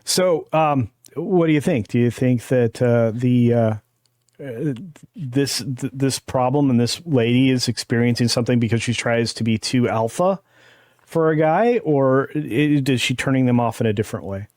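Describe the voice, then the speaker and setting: A man hosting a casual panel chat, earnest and halting, often restarting his sentences. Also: mid-range voice, darkish tone, dry recording, studio quality. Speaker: host.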